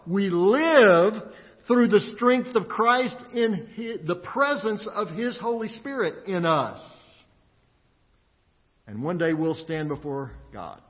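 A man preaching a sermon as pastor, animated, laughing now and then. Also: sits high. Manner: animated preaching with laughs and acted-out inner voices. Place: church sanctuary. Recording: echoey church hall, dull lo-fi.

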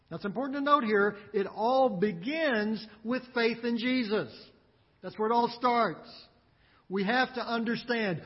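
A man preaching a sermon, earnest and emphatic, with dramatic pauses. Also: extremely high pitch, husky, long reverb tail, lo-fi sound. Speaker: pastor.

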